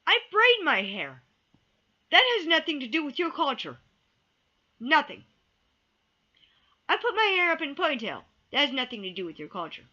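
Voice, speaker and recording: High, animated woman ranting emphatically. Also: normal speed, long pauses, highs cut off. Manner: emphatic, repeats key words, swears then apologizes. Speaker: vlogger. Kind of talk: heated opinion rant to camera.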